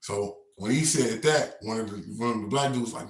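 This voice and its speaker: Brief: slangy male storyteller, low voice, laid-back, echoey room. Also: a little fast, few pauses, slight background noise. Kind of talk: casual storytelling.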